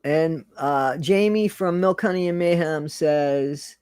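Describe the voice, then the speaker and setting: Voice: mid-range voice, takes it slowly, darkish tone, clean tone, no echo, clean studio sound. A person hosting a casual livestream, chatting loosely and reading viewer comments aloud, repeating phrases and laughing often. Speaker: livestream host.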